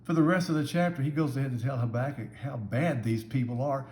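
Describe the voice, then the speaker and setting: A church minister with a mid-range, slightly mellow voice speaks fairly quickly in a short devotional Bible talk. His manner is earnest and conversational, and the echoey room carries a faint background hum.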